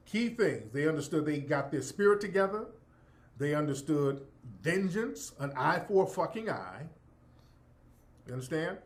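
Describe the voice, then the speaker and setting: A man giving an emphatic, profane, preacher-like monologue as a commentator. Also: a little high. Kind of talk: impassioned monologue.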